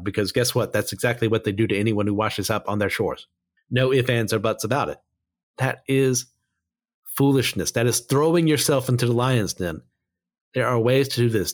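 A man giving casual Bible commentary, blunt and opinionated, who drifts off on tangents and pulls himself back. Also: mid-range voice. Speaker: Bible study teacher.

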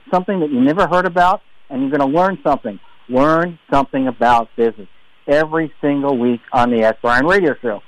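A man hosting a business radio show, talking in a loud, joking, teasing way. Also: a little high, no echo, low-quality recording. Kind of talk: playful radio show banter.

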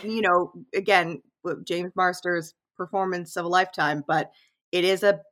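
A woman co-hosts a casual podcast and talks at length, full of "like" and "uh". Her voice sits low but sounds bright and forceful. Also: steady tone, normal speed. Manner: talkative, explains at length with fillers. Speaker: podcast co-host. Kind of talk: casual chat.

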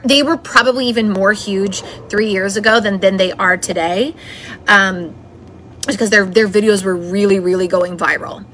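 A woman's voice: medium pitch, bright, forceful tone, slight background noise. A woman hosting her own podcast, talking in a chatty, encouraging and upbeat way. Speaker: podcast host. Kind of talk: solo motivational podcast talk.

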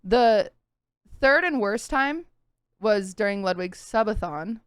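A young woman co-hosts a casual podcast and recounts events earnestly and vividly, scattering "like" through her sentences. Her voice is smooth and clean, and her pitch sits in a middle range. The recording is dry and close, with no room sound. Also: lively intonation, takes it slowly, no echo. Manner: earnest, vivid retelling with frequent "like" fillers. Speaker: podcast co-host.

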